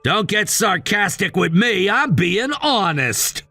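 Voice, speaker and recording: A man voicing a controlling, scornful husband in a text-message story, dismissive and given to shouting. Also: sits high, big pitch swings, slow pace, no echo, faint music behind, exaggerated voice. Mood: angry, scornful. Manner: bossy and dismissive, shouting at times.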